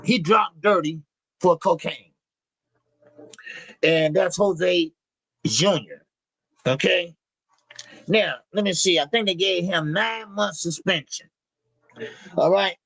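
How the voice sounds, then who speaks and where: A man with a high, slangy voice hosts a live boxing talk stream, chatting loosely and repeating himself as he reads viewer messages. The sound is dry and close, with no room around it. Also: a little slow, pauses often, a bit bright, no echo, rough recording. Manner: loose, repetitive, slangy, profane. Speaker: boxing show host.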